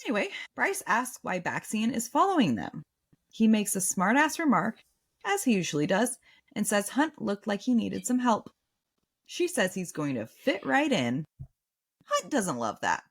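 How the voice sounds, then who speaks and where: A woman hosting a podcast, reading a book recap and breaking into excited asides. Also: mid-range voice, normal speed, husky. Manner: animated, swings between reading and excited reactions. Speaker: podcast host.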